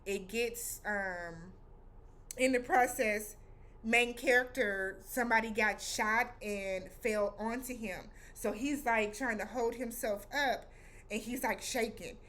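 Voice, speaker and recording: A woman vlogger retells an episode in a loose, chatty way, full of slang and acted-out reactions. Her voice sits slightly high and stays animated throughout. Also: slow pace. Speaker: vlog host reviewing a TV episode. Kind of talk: casual recap vlog.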